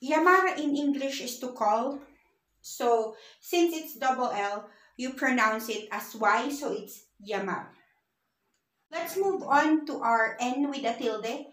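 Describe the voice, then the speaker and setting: Woman teacher, spells stuff out letter by letter, slow, echoey room. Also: high voice, fairly bright tone. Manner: patient, spells words out letter by letter. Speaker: Spanish teacher. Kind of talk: beginner language lesson.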